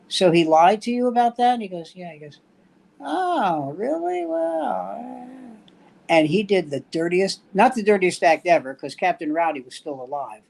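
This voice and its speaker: A man's voice: on the high side, a little mellow. Older New man telling wry stories. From New York. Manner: wry, rambling anecdotal storyteller. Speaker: veteran standup comedian guest. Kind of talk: casual storytelling chat.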